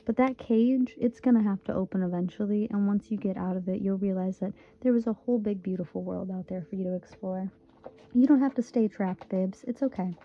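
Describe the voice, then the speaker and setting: Young woman, tarot reader, casual and reassuring, mid-pitched voice, slightly muffled lo-fi sound. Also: fairly even intonation, a little fast. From Michigan, USA. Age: 20s. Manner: earnest, reassuring, repeats phrases for emphasis.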